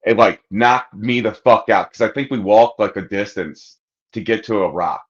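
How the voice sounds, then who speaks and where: Low-voiced man telling a crude story. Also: moderate pace. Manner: crude, rambling anecdote with acted-out quotes. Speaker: podcast host. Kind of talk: casual storytelling chat. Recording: dull lo-fi podcast audio.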